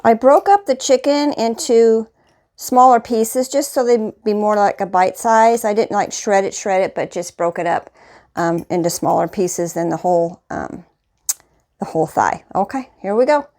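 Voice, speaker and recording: A woman's voice: mid-range voice, moderate pace, darkish tone. A woman hosting a casual home cooking video, chatting through the steps and tasting the dish on camera. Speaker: cooking channel host.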